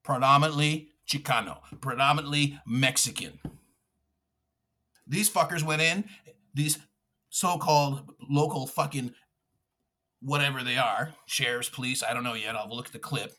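A man's voice: medium pitch, steady tone, moderate pace, pauses often, pushed and bright. A man hosting a podcast, delivering a furious, profane political rant with mocking asides. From United States. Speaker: podcast host.

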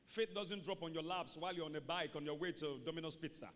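A pastor preaching a sermon to his church, repeating key phrases and rising to shouts. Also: on the high side, fast, hardly any pauses, long reverb tail.

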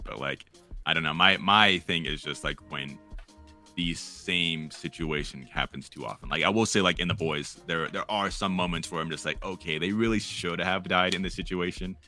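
A man's voice: extremely low pitch, moderate pace, sharp tone, soft background music. A man hosting a casual podcast chat, rambling with lots of fillers and restarts. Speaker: podcast host.

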